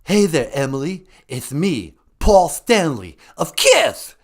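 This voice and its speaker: A man's voice: on the high side, sing-song, slow, exaggerated voice. A man playing an adult male rock star who calls in to a live-stream podcast as an eager, adoring fan. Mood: gushing. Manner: gushing, eager. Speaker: caller.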